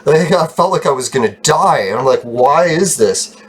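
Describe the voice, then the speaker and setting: A man telling a long rambling story in a casual vlog, swearing freely, getting excited and laughing often. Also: fairly high pitch, moderate pace, breathy edge. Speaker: channel host telling a story.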